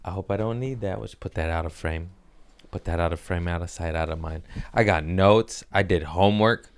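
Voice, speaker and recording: A man's voice: deep voice, moderate pace, clear, resonant tone. A young man hosting a podcast in a podcast room, chatting casually in a rambling, profane, joking way. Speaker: podcast host. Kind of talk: casual comedic podcast chat.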